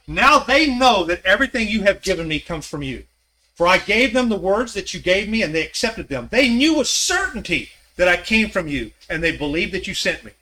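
An older man leads a Sunday Bible class in a casual, conversational way. His voice sits high and bright, and he keeps turning to his listeners with questions. He slips into the speakers' voices whenever he quotes scripture. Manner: acts out scripture quotes with shifting voice.

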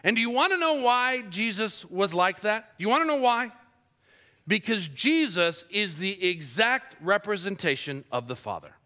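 A male pastor delivers his sermon with a bright, forceful tone. He slips into playful stories and humorous asides. His voice rings out with a long hall reverb. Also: sits high, normal speed. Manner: lively storytelling with humorous asides.

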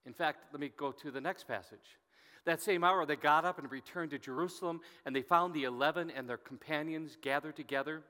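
A man's voice: on the high side, a little fast, sharp tone. A man preaching a sermon, telling a Bible story and reading scripture aloud with rising emphasis. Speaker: pastor. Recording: long hall reverb.

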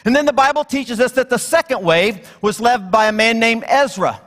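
A high-voiced man delivers a sermon from the pulpit, moving between teaching and storytelling with touches of humor. His voice rings out with a long reverb tail that fills the church. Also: moderate pace, a bit bright. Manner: storytelling with jokes, acting out characters. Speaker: guest preacher.

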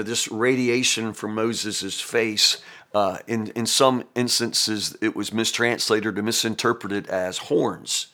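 A man giving a daily devotional Bible teaching, animated and emphatic, swinging from loud bursts to hushed asides and often tagging "you know?". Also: lowish voice.

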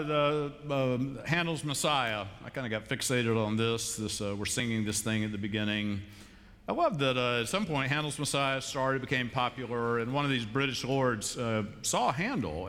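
A middle-aged man preaching a sermon in a large church, telling stories in a conversational way and moving between hushed tones and animated bursts. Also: medium pitch. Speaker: pastor. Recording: long church-hall reverb.

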